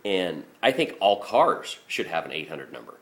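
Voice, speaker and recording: A man's voice: low-pitched, big pitch swings, normal speed, fairly bright tone. A man who drives a garbage truck, telling work stories in a casual, rambling monologue, blunt and profane with frequent restarts.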